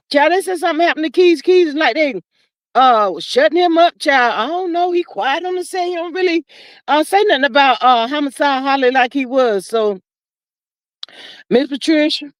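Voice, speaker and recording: A woman hosting a casual gossip live stream, reading viewer comments aloud in a chatty, sassy way. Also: dry recording. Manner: chatty, sassy, drawn-out gossip with frequent "child" and "y'all"; laughs between comments, swings high for emphasis.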